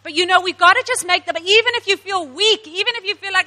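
A woman from South Africa giving a sermon to women, telling stories with animated laughs. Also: very high voice, quick pace, few pauses, in a large hall. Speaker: women's ministry speaker.

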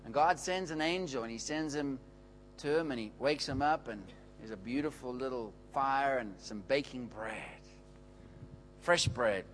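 A man's voice: mid-range voice, unhurried, slight background noise, low-quality recording. A man preaching a sermon, retelling a story with energy and acting out the characters' lines. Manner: animated, acts out the characters' lines.

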